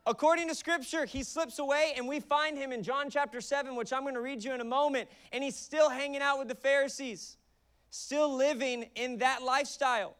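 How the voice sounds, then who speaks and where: A man's voice: very high voice, fairly even intonation, a little fast, fairly bright tone. A man in his thirties preaching a conversational sermon, acting out voices in his stories. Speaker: pastor.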